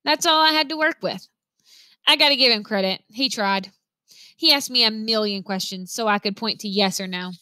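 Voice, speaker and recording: A woman reading a novel aloud, telling the story in an expressive first-person voice. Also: a little high, moderate pace, clear, resonant tone, dry recording. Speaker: reader.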